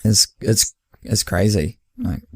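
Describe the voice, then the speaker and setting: Chatty New man, low dry voice. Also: slow pace, darkish tone, breathy edge, no echo. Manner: chatty storyteller who acts out quoted dialogue with laughs. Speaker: podcast host and running coach. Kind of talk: casual podcast chat.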